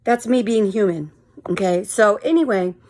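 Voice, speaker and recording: A woman's voice: mid-range voice, moderate pace, darkish tone. A tired woman in her fifties telling a frank, rambling story straight to camera. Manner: frank and rambling, full of fillers. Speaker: vlogger. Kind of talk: casual storytelling monologue.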